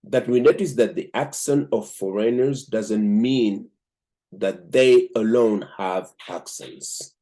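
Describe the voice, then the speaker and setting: An African man with an African accent hosts a show where he reviews a book and reads from it, speaking in a measured way and pausing often with "um." His voice is lowish and mellow.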